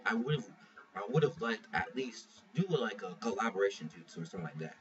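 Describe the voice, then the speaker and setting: Pitched on the low side, his voice is animated and fairly quick. The man gives a casual manga chapter review full of tangents, profanity and restarted sentences, recorded on a muffled lo-fi mic set at a distance with faint hiss.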